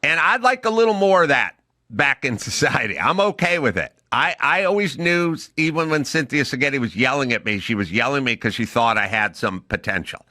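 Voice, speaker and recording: Animated, bright-voiced male podcast host. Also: medium pitch, a little fast, dry recording, clean studio sound. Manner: animated storyteller, acts out quotes loudly. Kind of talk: casual interview chat.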